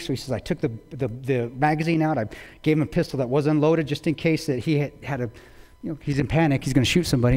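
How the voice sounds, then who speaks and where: A man's voice: on the high side, darkish tone. A man giving a public talk, retelling a story intensely with quoted dialogue. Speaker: guest speaker. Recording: long reverb of a large hall.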